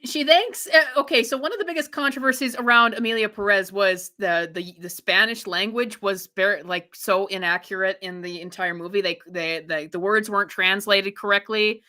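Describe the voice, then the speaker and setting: A woman's voice: medium pitch, fairly even intonation, moderate pace, few pauses, bright, forceful tone. A young adult woman hosting a live stream, giving opinionated reaction commentary in a rambling way with frequent restarts.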